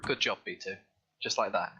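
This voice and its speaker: A man's voice: sits low, moderate pace, sharp tone, slightly rough, muffled recording. A man playing a tabletop role-playing game, joking and swearing with his friends. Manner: swears, playful banter. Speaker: player. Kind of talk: tabletop role-play chat.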